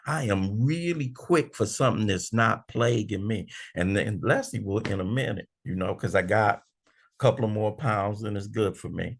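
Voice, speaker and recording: Gravelly older man leading a big book study. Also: lowish voice, moderate pace. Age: 60s. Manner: preacherly, acting out his own arguments. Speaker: recovery meeting speaker.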